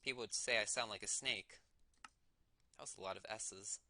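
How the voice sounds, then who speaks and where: A man's voice: lowish voice, normal speed, sharp tone. Young man with a slight lisp, rambling. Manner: musing aloud, self-correcting while playing. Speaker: livestreamer. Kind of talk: casual gameplay commentary.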